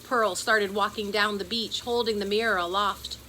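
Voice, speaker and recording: A woman reading a children's chapter book aloud in an expressive storytelling voice. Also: medium pitch, normal speed, a little hiss or hum, rough recording. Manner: expressive, does character voices. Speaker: audiobook narrator.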